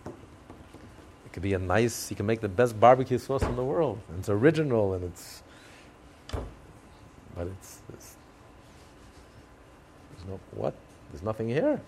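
A man's voice: on the low side, animated, measured pace, pauses often, a little mellow, slight background noise. A man teaching a Torah class with emphatic, repeated rhetorical questions and occasional chuckles.

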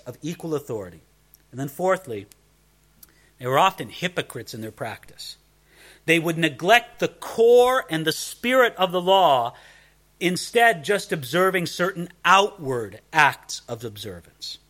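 A man preaching a sermon, animated and conversational, often asking rhetorical questions. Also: a little high. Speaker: pastor.

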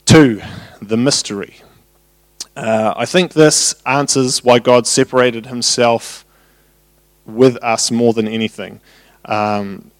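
A man preaching a sermon, telling family stories in an animated, anecdotal way. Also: on the low side, dry recording. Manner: anecdotal, animated when retelling family scenes.

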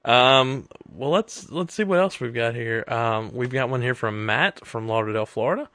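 A man's voice: mid-range voice, lively intonation, pushed and bright, no room sound. A man co-hosting a casual podcast, reading listener emails aloud in a jokey, laughing way. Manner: laughing, jokey, quick to do silly voices. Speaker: podcast co-host.

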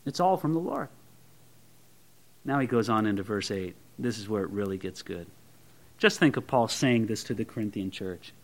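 A male preacher giving an animated sermon, addressing his listeners as friends and acting out the quotes he reads. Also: lowish voice, normal speed, pauses often.

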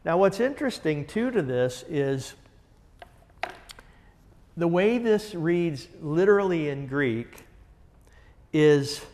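A man with a fairly high voice leads a Bible study at an unhurried pace. He talks in an eager, conversational way and keeps asking his listeners questions. His voice rings out with a long reverb, as in a large room. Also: expressive, darkish tone. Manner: enthusiastic, conversational, asks the group questions.

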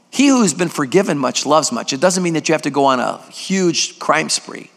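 Gravelly preacher man in an echoing hall. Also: on the high side, lively intonation, moderate pace, hardly any pauses. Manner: emphatic, asks the congregation questions. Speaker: guest preacher. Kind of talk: sermon. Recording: long hall reverb.

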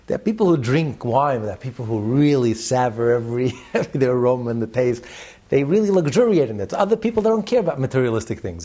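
A man's voice: mid-range voice, brisk, husky. A man teaching on a religious text, repeating his words and telling stories with frequent laughter. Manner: repeats words, laughs often, lively storyteller.

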